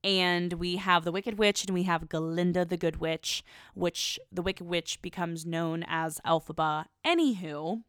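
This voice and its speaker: A woman's voice: fairly low pitch, steady tone, unhurried, few pauses, a bit bright, clean tone, no echo, studio quality. A young woman in her twenties chatting casually in a rambling, gushing podcast monologue, full of fillers and restarts.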